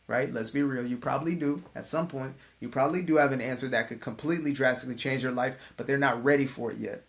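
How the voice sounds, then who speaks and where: A man gives a laid-back motivational talk, his mid-pitched voice full of gravelly fry. He is a life coach who speaks conversationally, drops slang and throws in playful asides. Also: steady tone, fast talker.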